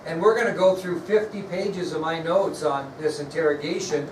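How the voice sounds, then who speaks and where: Recorded on a distant mic across a reverberant room with faint background noise, a history teacher talks his class through the material at a moderate pace. He keeps it laid-back and conversational, often checking in with students, and his voice runs a little high for a man.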